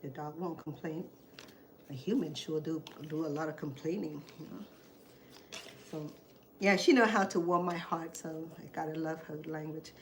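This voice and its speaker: A woman's voice: sits low, steady tone, normal speed, a little hiss or hum. Chatty Cambodian-accented woman cooking. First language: Khmer. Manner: chatty, rambling storyteller. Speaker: cooking show host. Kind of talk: casual chat while cooking.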